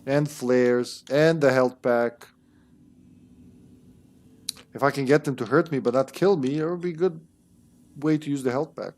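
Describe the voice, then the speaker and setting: A man's voice: mid-range voice, measured pace, pauses often, a little mellow. A young man giving casual, rambling gameplay commentary as a streamer, with critical asides and mild swearing.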